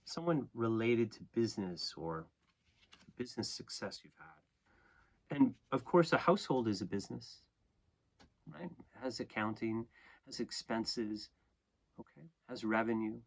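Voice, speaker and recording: Male tarot reader, casual chat, lively pitch, keeps asking "okay?", laughs at himself. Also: a little slow, creaky, long pauses. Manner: conversational, animated, frequent "okay?" and "right?" check-ins. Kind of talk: casual spoken tarot reading.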